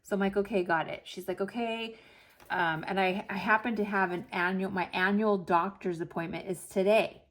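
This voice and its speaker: A planner vlogger in her forties, speaking at medium pitch and a moderate pace, tells a long story in a chatty vlog. She's animated, acting out each line of dialogue as she quotes it.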